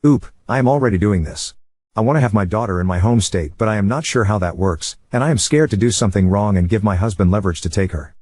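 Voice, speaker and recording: A man reads an online confession aloud in scripted narration with a brisk, even delivery. His voice sits on the low side and races along. The sound is close and dry. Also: dry recording. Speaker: story narrator.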